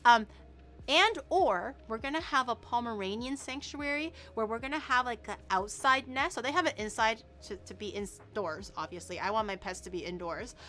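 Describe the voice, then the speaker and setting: A young woman streamer chatting casually to her viewers, animated and swearing, her voice swinging from loud bursts to low mumbles. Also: normal speed.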